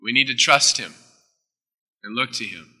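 Bright, emphatic preacher in a reverberant hall. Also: male voice, medium pitch, a little slow, husky. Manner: emphatic, with sudden drops into soft, intimate asides. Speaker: pastor. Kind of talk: sermon.

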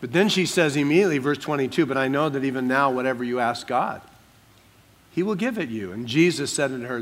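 A man delivers a sermon in a slightly high voice. He leans into drama, going quiet and intimate, then rising loud and slow on the key lines. The preaching moves between gentle asides and emphatic declarations. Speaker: pastor.

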